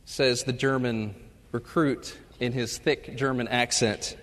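A male professor giving a humorous chapel talk, telling stories and acting out the jokes in loud voices. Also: medium pitch, steady tone, slow. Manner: storytelling, acts out jokes with loud shouted voices. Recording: long reverb of a large hall.

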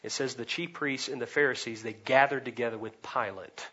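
A man preaching an expository sermon, swinging between loud emphasis and quiet asides. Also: mid-range voice, fairly quick, slightly rough, dull audio. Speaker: pastor.

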